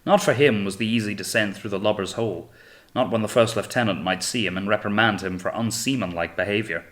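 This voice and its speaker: Low-voiced male audiobook narrator. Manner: steady, measured reading.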